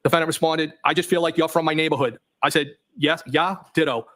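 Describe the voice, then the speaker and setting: A man on the witness stand reads out a chain of text messages, calling out every question mark along the way. His voice sits a bit high for a man. He delivers it plainly, in a courtroom. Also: fairly even intonation, a little fast, a bit bright. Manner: reads plainly, voicing punctuation marks. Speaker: trial witness.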